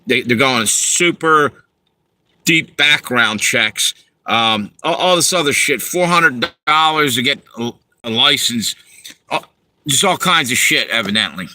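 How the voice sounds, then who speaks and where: A man's voice: medium pitch, expressive, unhurried, bright, forceful tone, low-quality recording. A man hosting a livestream and ranting angrily and profanely to his viewers while reading the chat. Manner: profane, heated, talks to viewers.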